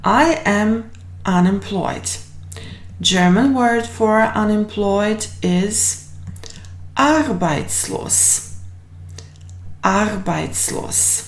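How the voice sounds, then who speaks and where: Slow, encouraging woman teaching German. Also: medium pitch. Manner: drills words slowly and repeats them, encouraging. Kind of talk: slow, deliberate language lesson. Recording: roomy, echoey room.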